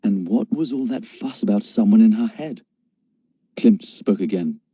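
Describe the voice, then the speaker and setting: A man narrating a story in first person with steady storytelling, in a dull, dry lo-fi recording. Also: on the low side, normal speed, husky, no echo. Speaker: audiobook narrator.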